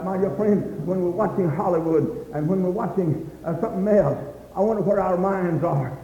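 A man preaching a fervent revival sermon, crying out praise, repeating "my dear friend," and rising into shouts. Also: high-pitched, slight background noise. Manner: rises into shouts and slows for emphasis. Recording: dull, echoey hall recording.

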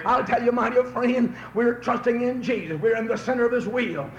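Fervent high-voiced man preaching. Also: steady tone, brisk. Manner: folksy storytelling that builds to fervent shouting. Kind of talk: fiery revival sermon. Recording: roomy, dull old recording with faint hiss.

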